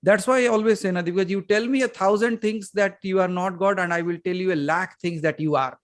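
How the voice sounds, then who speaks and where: Male spiritual teacher, lively storyteller, a little high-pitched, plenty of rhetorical questions. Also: fast. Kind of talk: Q&A session on a video call.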